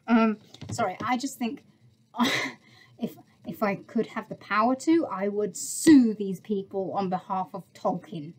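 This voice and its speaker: A woman's voice: mid-range voice, a little slow, darkish tone, a little hiss or hum, rough recording. A woman vlogger delivering an angry, indignant rant, swearing and stumbling over her words as she restarts sentences. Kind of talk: angry ranting monologue.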